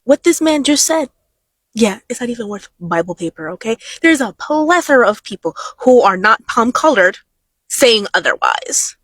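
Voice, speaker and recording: A woman's voice: a little high, fairly bright tone, no echo. Indignant woman, dry close sound. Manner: indignant, scolding. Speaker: social media commentator. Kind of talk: direct-to-camera commentary.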